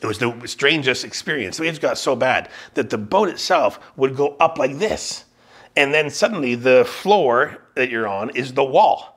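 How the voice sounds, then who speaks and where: Man, pastor, sermon, conversational storytelling, fillers and restarts, middle pitch. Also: animated, moderate pace, a bit bright, husky. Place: church service streamed online.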